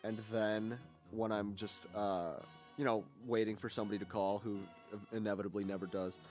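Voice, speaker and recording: A man's voice: on the low side, flat delivery, normal speed, darkish tone, faint music behind. A young man hosting a college radio show, chatting casually and rambling with lots of fillers and restarts. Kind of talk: casual on-air chat.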